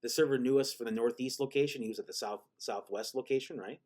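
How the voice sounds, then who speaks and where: A man hosting a vlog, telling a rambling story with many restarts and deadpan self-mocking humor. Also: medium pitch, fast talker. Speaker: channel host.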